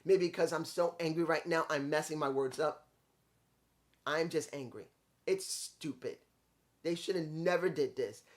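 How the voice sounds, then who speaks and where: A man's voice: fairly high pitch, moderate pace. A man reviewing a wrestling show in casual, rambling commentary, getting frustrated and stumbling over names.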